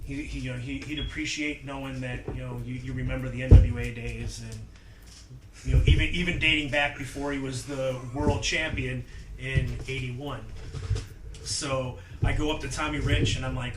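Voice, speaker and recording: A man telling a story in casual chat, animated and acting out quotes in loud voices. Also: medium pitch, moderate pace. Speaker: podcast guest. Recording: roomy, distant mic with clear noise.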